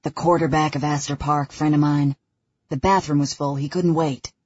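A woman reading the lines of a cocky, arrogant young man in an audiobook, clipped and gruff. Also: deep voice, steady tone, moderate pace, a little mellow, highs cut off.

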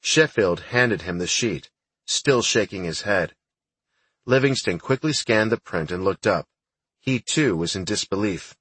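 A man reads an audiobook in a steady, first-person storytelling style. His voice is low and husky, and the recording sounds dry and close to the mic. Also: unhurried, no echo. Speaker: audiobook narrator. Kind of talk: audiobook narration.

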